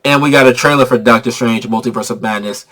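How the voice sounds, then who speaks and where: Excitable young man reviewing a movie. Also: medium pitch, fast. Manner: excitable, repetitive, slangy. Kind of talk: casual spoiler review.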